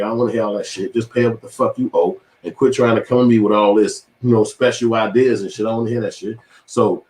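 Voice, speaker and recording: A man rattles off a casual, profane commentary at a quick clip, his voice sitting on the low side. He is hosting his own channel and tells stories with animation, acting out the people he quotes. The sound is roomy and echoey. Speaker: channel host.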